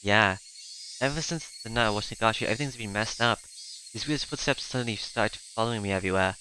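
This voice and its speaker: A man's voice: fairly low pitch, fast, pushed and bright, a little hiss or hum, rough recording. A man voicing a shaken, desperate teenage boy who stumbles and repeats himself urgently. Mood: anxious.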